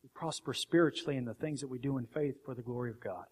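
A man's voice: medium pitch, fast talker. A man preaching a sermon with emphatic rhetorical questions.

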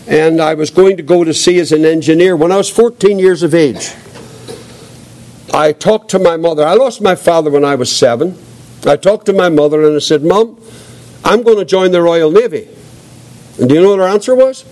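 An older man giving his testimony as a preacher, earnest and reflective, with a quiet voice. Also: a little high. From Northern Ireland. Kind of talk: testimony sermon.

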